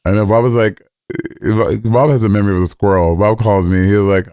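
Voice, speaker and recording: Casting note: campy, teasing man, low voice, dry close sound. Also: fairly even intonation, fairly quick, a little mellow, clear, resonant tone, no echo. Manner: campy, teasing, sassy slang. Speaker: podcast co-host. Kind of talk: casual chat.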